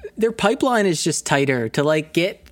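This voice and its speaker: A podcast co-host talking about films in casual chat, halting and restarting phrases, laughing now and then. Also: mid-range voice, big pitch swings, dry recording.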